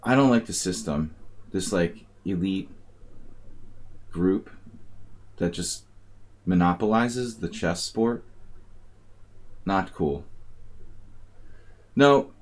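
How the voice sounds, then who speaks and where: A man's voice: deep voice, slow pace, pauses often, darkish tone. A man streaming live chess games and talking through his moves with wry, rambling, grumbling asides. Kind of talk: live-stream commentary while playing.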